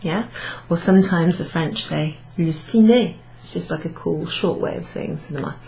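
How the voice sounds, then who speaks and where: A woman's voice: on the low side, normal speed, gravelly, a little mellow, poor audio. A woman from Wales teaching a beginners' French lesson, explaining patiently step by step with frequent ums and questions to her students. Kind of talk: classroom summary lesson.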